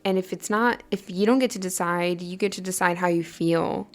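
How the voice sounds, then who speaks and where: A woman's voice: lowish voice, moderate pace. A young woman talks straight into her own podcast in a casual motivational monologue. She sounds earnest and encouraging, and her thoughts wander loosely as she goes. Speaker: podcast host.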